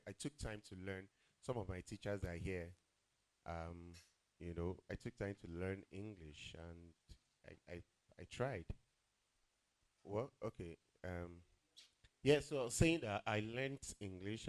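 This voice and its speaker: A man's voice: lowish voice, darkish tone. A man with a Yoruba Nigerian accent hosting an event as master of ceremonies, joking and teasing the crowd with Yoruba asides.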